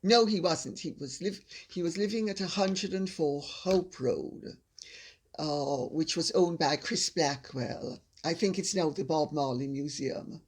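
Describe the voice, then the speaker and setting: An older woman with a Jamaican accent, answering viewer questions in a measured, assured casual chat. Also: low voice, husky.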